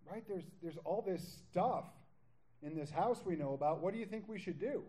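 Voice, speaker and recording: A male pastor preaching a conversational sermon, his pitch sitting high and swinging widely as he reads and comments. His tone is mellow rather than sharp, and he slips easily from scripture into joking asides. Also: moderate pace, rough recording. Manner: animated, jokey asides and casual paraphrase between readings. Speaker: pastor teaching a Bible study.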